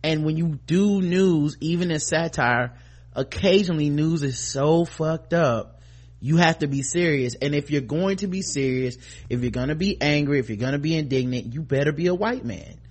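A man talking as a podcast co-host in casual commentary, animated and profane, with frequent fillers and restarts that rise into emphatic outbursts. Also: fairly high pitch, moderate pace.

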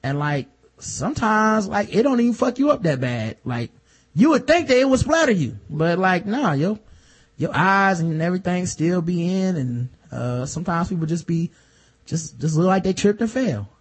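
A man's voice: sits high, sing-song, normal speed, husky, heavily acted. A man voicing a jealous, unhinged noblewoman in a crude, slangy comic impression. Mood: gossipy.

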